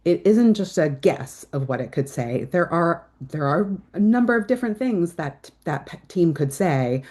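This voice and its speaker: Low-voiced woman presenting a webinar. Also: darkish tone. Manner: explanatory, with filler ums. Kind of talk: webinar lecture.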